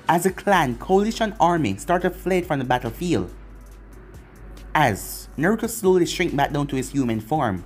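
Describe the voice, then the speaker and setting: A narrator reading fan fiction aloud in a plain, steady manner. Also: medium pitch, normal speed. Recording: faint background music.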